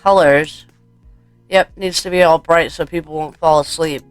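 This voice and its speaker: A man's voice: a little high, fairly even intonation, fairly quick, smooth, dry recording, soft background music, close to an everyday voice. A man reading the part of a doting, unsettling woman in a horror game, full of sugary pet names. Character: doting, unsettling adult woman, motherly, obsessive.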